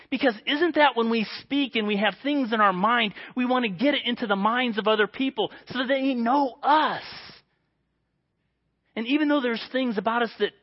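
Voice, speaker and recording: A man preaching a sermon in an earnest way, dropping to a hushed voice for quoted prayers. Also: high-pitched, muffled recording.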